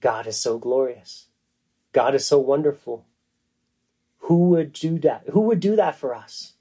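Male preacher, earnest and emphatic sermon delivery, relaxed dark tone. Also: medium pitch, slightly rough. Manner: earnest, emphatic, with slow stressed phrases.

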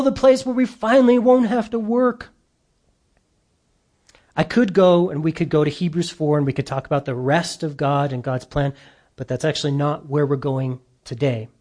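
A man preaching a sermon, earnest and emphatic, lifting his voice for stress and slowing on key phrases. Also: high voice. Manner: earnest, emphatic, with lively rises and drawn-out slow phrases. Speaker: pastor.

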